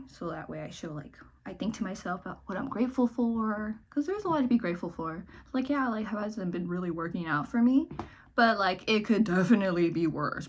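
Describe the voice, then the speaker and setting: A woman's voice: on the low side, slight background noise. Rambling young woman vlogger, half-whispered asides. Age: young adult. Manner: rambling, self-mocking, drifts between loud and whispered asides. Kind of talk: casual get-ready-with-me chat.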